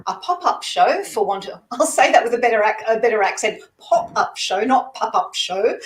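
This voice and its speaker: A woman hosting a live-stream psychic show, upbeat and chatty, reading out viewers' questions. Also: a little high. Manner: upbeat, chatty, laughs at herself. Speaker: host. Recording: echoey room, faint noise.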